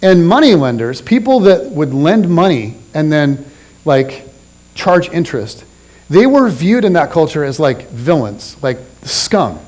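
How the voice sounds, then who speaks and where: Male pastor, sermon, high voice, lively swooping delivery, storytelling, church. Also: unhurried, low-quality recording. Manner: animated storytelling, drops low and soft for quotes.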